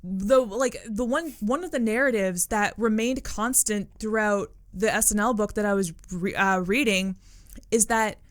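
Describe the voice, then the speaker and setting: A woman's voice: mid-range voice, normal speed. A woman co-hosting a podcast, chatting casually and rambling with lots of fillers. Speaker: podcast co-host. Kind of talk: casual chat.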